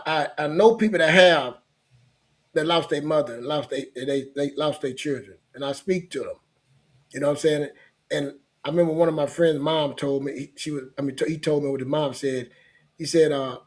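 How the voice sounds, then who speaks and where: A man's voice: a little high, darkish tone. A middle-aged man talking in a casual chat, earnest and rambling, often repeating himself.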